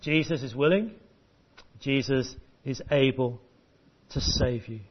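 A man's voice: mid-range voice, slow, breathy edge, highs cut off. A man preaching a sermon and leading children through a memory verse, encouraging and call-and-response. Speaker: pastor. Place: church service.

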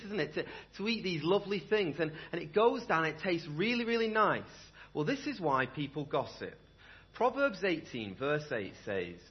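Animated, husky young preacher in a church. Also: male voice, a little high, a little fast, highs cut off. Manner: animated, conversational, asks the room rhetorical questions. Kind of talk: sermon. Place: church hall.

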